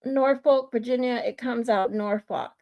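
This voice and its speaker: Slow, musing woman streamer. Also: fairly high pitch, expressive, lo-fi sound. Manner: musing aloud, slow, playful word practice. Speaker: streamer host. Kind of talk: casual livestream chat.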